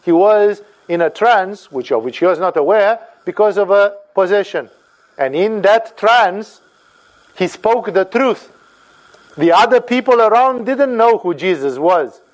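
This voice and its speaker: A man giving a deliberate, emphatic sermon-like commentary on scripture, often repeating phrases. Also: sits high. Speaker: spiritual teacher.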